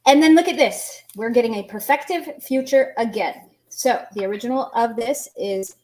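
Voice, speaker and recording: Woman, language teacher, fairly high voice, patient and chatty, quizzes viewers as she explains. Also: darkish tone. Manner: patient, explains slowly, asks students questions. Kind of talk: online language lesson.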